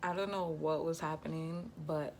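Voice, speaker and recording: A young woman telling a personal story on her vlog in a slangy, heated, lively way. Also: sits low, moderate pace, a little hiss or hum. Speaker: vlogger. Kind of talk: casual storytime.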